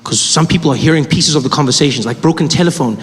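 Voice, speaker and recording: A man telling a stand-up story on stage, animated, acting out every side of the dialogue. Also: on the high side, fast talker. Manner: animated, acts out both sides of dialogue. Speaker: stand-up comedian. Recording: live stage with hall reverb.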